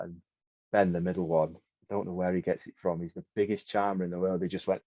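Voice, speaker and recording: Man, reflective rambler, low voice, muffled dry podcast audio. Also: steady tone, fairly quick, dry recording. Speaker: guest. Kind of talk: casual podcast chat.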